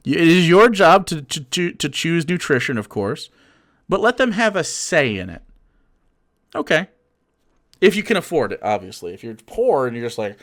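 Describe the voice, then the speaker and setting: A man's voice: on the high side, very animated, moderate pace, a bit bright. A man giving casual, sarcastic and profane reaction commentary on a political video.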